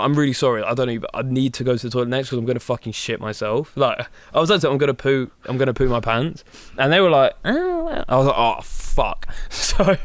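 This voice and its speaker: A man's voice: medium pitch, no room sound. Swearing young man telling a story. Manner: animated, swears a lot, acts out his own panicked voice. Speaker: podcast co-host. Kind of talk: casual storytelling.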